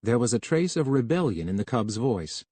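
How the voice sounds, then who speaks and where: A man reading a novel aloud in measured, scripted narration. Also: mid-range voice, sing-song, mellow, breathy edge, no room sound. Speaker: audiobook narrator.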